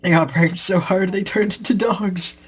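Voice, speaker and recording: Husky voiced cohost cracking dry jokes, mid pitch. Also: fairly even intonation, moderate pace. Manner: dry joking asides. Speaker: podcast co-host. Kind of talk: casual chat.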